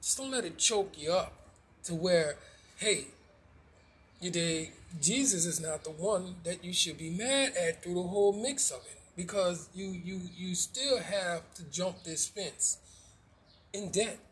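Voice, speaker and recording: A man's voice: high voice, expressive, unhurried, fairly bright tone, a little hiss or hum. A man preaching informally, firing rhetorical questions, restarting phrases and dropping slangy asides.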